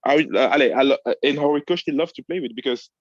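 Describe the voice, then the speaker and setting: Man talking haltingly in dry lo-fi audio. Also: medium pitch, slightly rough, no echo. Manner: halting, searching for words, frequent restarts. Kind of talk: casual discussion.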